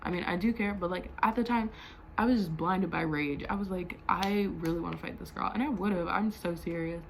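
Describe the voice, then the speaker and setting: A woman's voice: lowish voice, brisk, vocal fry, a little hiss or hum, low-quality recording. Heated, swearing young woman vlogger. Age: young adult. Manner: heated, profane, frequent "like" fillers. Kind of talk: storytime vlog.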